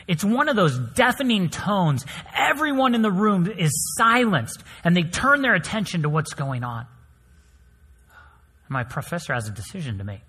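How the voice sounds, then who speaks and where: Animated preacher in a reverberant hall. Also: male voice, high-pitched, moderate pace, breathy edge. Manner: animated storytelling, swings between loud emphasis and soft near-whispers. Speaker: pastor. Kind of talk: sermon.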